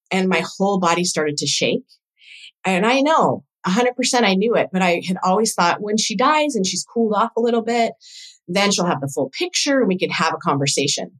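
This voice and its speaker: A doula coach appears as a guest on a podcast, sharing a personal story in relaxed conversation and voicing quoted dialogue with lots of emotion and animation. Her voice sits at a medium pitch, and the recording quality is low.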